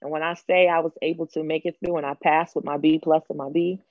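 A woman in her thirties from Los Angeles, telling her story as an interview guest, animated and acting out other people's lines. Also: deep voice, fast talker, no room sound, phone-quality sound.

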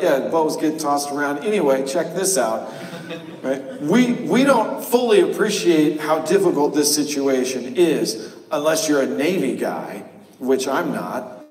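A pastor preaching a sermon in a church sanctuary, conversational and joking. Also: male voice, fairly high pitch, darkish tone, far from the mic. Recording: cavernous echo from a live stream, voice from afar.

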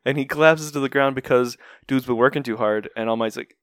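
A man's voice: medium pitch, fast, few pauses, clear, resonant tone, dry recording, studio quality. Man joking through an anime recap. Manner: joking, rambling recap with laughs. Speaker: podcast co-host. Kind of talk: casual chat recapping an anime.

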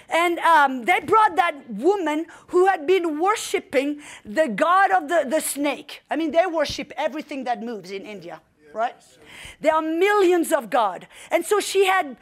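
A middle-aged woman preaching a sermon, telling a story with fervent emphasis and commanding outbursts. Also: high-pitched. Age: young adult in 1994, now middle-aged.

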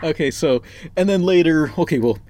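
A man's voice: on the high side, lively intonation, brisk, darkish tone. A young man casually reviewing a movie with a friend, rambling, laughing often and swearing freely. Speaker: podcast co-host.

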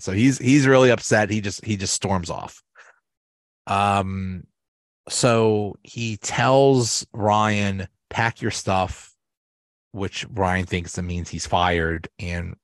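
A man hosting a podcast, casually retelling sitcom episodes in a rambling, halting way with restarts and laughter. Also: lowish voice, no echo. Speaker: podcast host. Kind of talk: casual solo recap.

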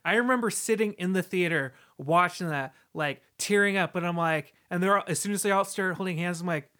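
Higher-voiced man chatting emotionally. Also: brisk, pushed and bright. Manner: emotional, rambling with many fillers. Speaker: podcast co-host. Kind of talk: casual chat.

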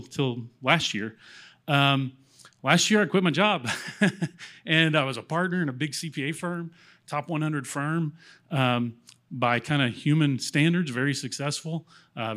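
A man's voice: on the high side, a bit bright. A man in his forties giving a personal testimony from a church stage on a handheld mic, rambling and self-deprecating, getting choked up as he talks. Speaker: church member sharing testimony. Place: church platform, in front of congregation.

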